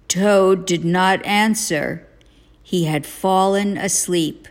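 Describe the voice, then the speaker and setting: A woman reading a children's storybook aloud as a parent, narrating gently and expressively. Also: on the low side, steady tone, slow.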